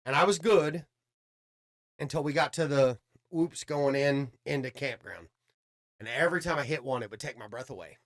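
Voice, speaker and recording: A man's voice: medium pitch, moderate pace. A man casually telling a long story, cursing freely and acting out what people said. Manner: swearing, animated storytelling with quoted dialogue. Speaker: podcast guest storyteller.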